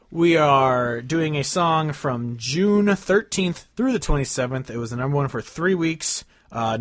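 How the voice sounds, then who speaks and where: A man co-hosting a casual music podcast, rambling and excitable, swearing freely. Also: on the high side. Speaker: podcast co-host. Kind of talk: casual chat.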